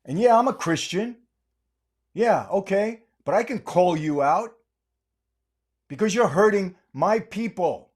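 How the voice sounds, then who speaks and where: Older man, American, angry podcast rant, high voice, repeats insults. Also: expressive, measured pace, pauses often, a little mellow, breathy edge. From United States. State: aggravated. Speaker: podcast host. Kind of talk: political commentary rant.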